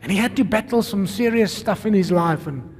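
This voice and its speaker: A South African man, a pastor, preaching an energetic sermon full of rhetorical questions and calls to the congregation. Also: high-pitched, fairly quick, breathy edge. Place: church. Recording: long reverb of a church hall.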